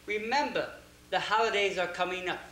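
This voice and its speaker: A man's voice: high-pitched, a little fast, bright, forceful tone. A man playing a formal, deferential butler in a stage play. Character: formal, dignified male butler. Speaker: community theater actor. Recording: roomy stage recording, faint hiss.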